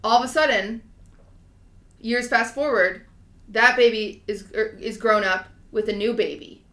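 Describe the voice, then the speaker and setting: Bright-voiced woman telling a story. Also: on the high side, measured pace, reverberant. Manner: animated storytelling, lots of fillers. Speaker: podcast co-host. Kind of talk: casual chat.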